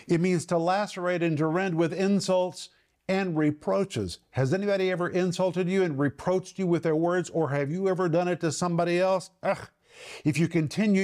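A man's voice: fairly high pitch, darkish tone. A middle-aged man giving a Bible teaching sermon, emphatic and explaining words step by step. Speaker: pastor.

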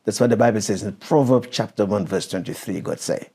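A man's voice: on the low side, brisk, hardly any pauses, a little mellow, breathy edge. A man preaching and teaching a Bible passage, stopping the reader to explain verses and question her.

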